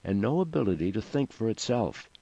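A man voicing a haughty, sharp-tongued young woman in an audiobook. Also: on the low side, very animated, fairly quick, gravelly, husky, no echo, highs cut off, pitched above the performer's own voice, exaggerated voice. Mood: cutting. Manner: icy, cutting.

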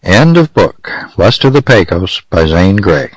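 Brief: deep male narrator, dry close studio sound, measured western storytelling. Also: big pitch swings, husky, dry recording, poor audio. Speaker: audiobook narrator. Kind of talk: scripted audiobook narration.

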